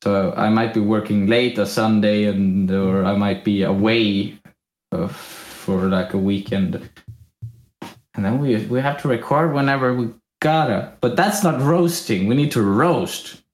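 A man's voice: lowish voice, measured pace. A young man with a Swedish accent co-hosting a casual podcast, playful and jokey. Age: young adult. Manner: playful, jokey, fond of bits. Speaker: podcast co-host. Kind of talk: casual chat. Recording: roomy echo.

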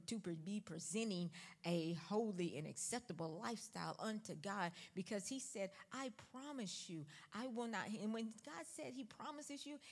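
A woman preaching a live sermon in a church, speaking with a fervent preaching cadence and repeated emphatic phrases. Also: medium pitch. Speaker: church first lady preaching. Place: church worship center.

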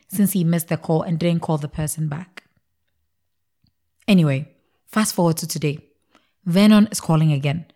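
Woman, first-person story narration, lowish voice, mellow.

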